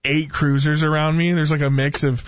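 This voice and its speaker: A young man in a casual chat, telling animated stories and acting out quotes, with a lot of dude and bro. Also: a little high, moderate pace, no room sound. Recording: dull, muffled sound.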